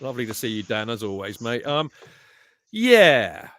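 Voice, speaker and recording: A man hosting a casual football fan podcast, chatty and excitable, swearing freely. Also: medium pitch, normal speed, no room sound, clean studio sound. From England. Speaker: podcast host.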